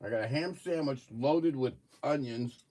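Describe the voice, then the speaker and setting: A man's voice: medium pitch, normal speed, warm tone. A man hosting a casual livestream, chatting with viewers while eating and talking with his mouth full. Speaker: livestream host.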